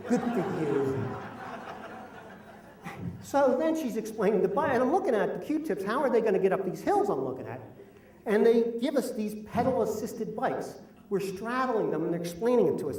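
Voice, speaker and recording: A man's voice: high voice, a little mellow. A middle-aged man telling a self-deprecating, complaining comic story at a live story slam. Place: live event venue. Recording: roomy hall, mic at a distance.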